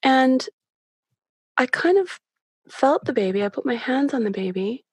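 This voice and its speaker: A middle-aged woman guest telling her story candidly, with many halting restarts. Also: sits high, animated, breathy edge, dry recording, studio quality. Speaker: podcast guest. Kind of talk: personal storytelling.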